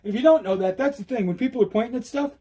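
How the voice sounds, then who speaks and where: A man giving an animated, repetitive how-to talk while riding outdoors, out of breath. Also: extremely high pitch, rapid-fire, breathy edge. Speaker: e-bike vlogger. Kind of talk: casual instructional talk.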